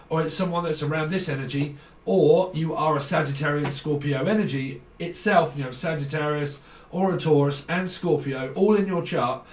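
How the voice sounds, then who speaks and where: A man giving a casual tarot reading, swearing, ranting and laughing often. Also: fairly high pitch. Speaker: tarot reader. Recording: roomy, distant from mic, faint background noise.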